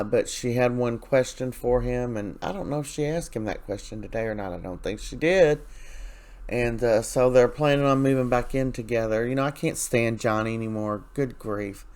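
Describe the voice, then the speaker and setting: A man's voice: mid-range voice, darkish tone, clean tone. A man hosting a casual soap opera recap, retelling scenes in loose quotes and giving his own blunt opinions.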